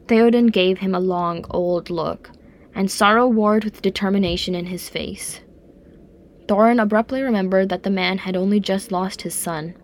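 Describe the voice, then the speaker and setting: A woman narrating a fan fiction audiobook in a calm, measured way. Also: mid-range voice. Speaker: audiobook reader.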